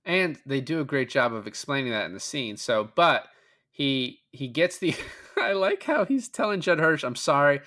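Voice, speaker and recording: A man's voice: a little high, very animated, normal speed, sharp tone. A man co-hosting a podcast, recapping a film scene by scene in loose, profane, casual chat. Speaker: podcast co-host.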